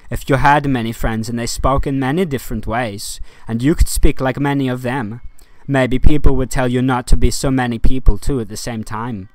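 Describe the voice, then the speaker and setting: Male vlogger, rambling rant, loud-to-quiet swings, average pitch, dry booth-like sound. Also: steady tone, normal speed, hardly any pauses, dry recording. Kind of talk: rambling monologue to camera.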